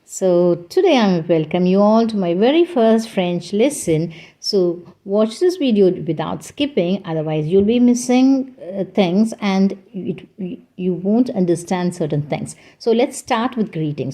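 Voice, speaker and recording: A woman from India with an Indian English accent, a native Hindi speaker, teaching a beginner language lesson slowly and patiently, repeating phrases for learners. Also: medium pitch, mellow. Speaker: French teacher.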